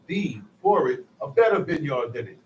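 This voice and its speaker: Male scripture reader, a bit high, distant echoey recording with faint noise. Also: moderate pace. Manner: reads archaic verses in a steady tone. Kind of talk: reading scripture aloud.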